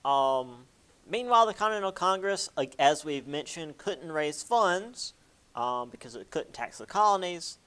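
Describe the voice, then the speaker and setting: A man's voice: fairly high pitch, lively intonation, measured pace, bright, forceful tone, clear, resonant tone. Chatty man giving a lecture. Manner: chatty, with lots of fillers and mock-quoted asides. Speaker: history lecturer. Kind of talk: casual classroom lecture.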